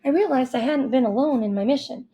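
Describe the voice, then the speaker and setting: Mellow-voiced woman narrating a children's story. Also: high voice, quick pace. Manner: expressive, childlike first-person storytelling. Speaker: audiobook narrator. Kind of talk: first-person storybook narration.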